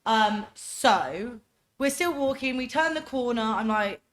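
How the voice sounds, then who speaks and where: A young woman from England with an English accent, telling travel stories on a casual podcast, loud and chatty. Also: on the high side, expressive, slow pace. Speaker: podcast co-host. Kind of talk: casual chat, storytelling.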